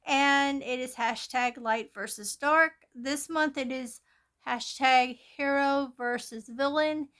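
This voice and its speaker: A woman with a high, slightly bright voice talks slowly while hosting her coloring channel. She walks through her coloring plans in a casual, wandering show-and-tell with fillers and restarts, as a phone films her craft table from above.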